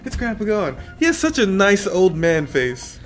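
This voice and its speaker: A man chatting through an anime recap with a fairly high voice and soft music playing underneath. He talks casually and keeps jumping into quick put-on voices for the characters, excitable and playful. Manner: animated, acts out characters' lines in put-on voices. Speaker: co-host.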